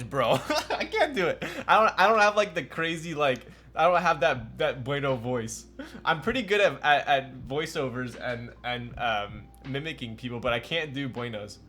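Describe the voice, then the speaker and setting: A man's voice: mid-range voice, bright, forceful tone. A young man streaming live, chatting casually and joking at his own expense while building a keyboard and answering his chat. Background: faint music.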